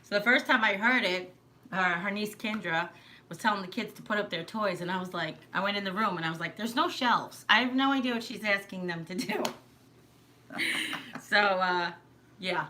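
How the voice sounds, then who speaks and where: A woman's voice: medium pitch, normal speed, sharp tone, slight background noise. A woman from Long Island with a New York accent, chatting casually on a live stream, rambling and interrupting herself. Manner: rambling, self-interrupting, laughs often.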